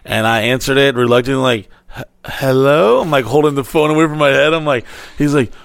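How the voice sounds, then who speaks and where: A man's voice: medium pitch, fast, no room sound, clean studio sound. A man on a podcast telling a wild story in casual, heavily profane chat and acting out the quotes. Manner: animated, swearing freely, acting out quotes.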